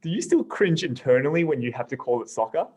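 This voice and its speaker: Casting: young male podcast host, playful, quizzes guests, mid-pitched. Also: expressive, fast, darkish tone, slightly rough, low-quality recording. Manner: playful, upbeat, prompts guests. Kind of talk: casual chat, hosting.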